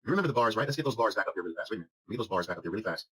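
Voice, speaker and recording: A man's voice: on the low side, expressive, rapid-fire, a bit bright, slightly rough, low-quality recording. A man teaching a recorded trading lesson over charts, emphatic and hammering his points with repeated questions. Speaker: trading instructor.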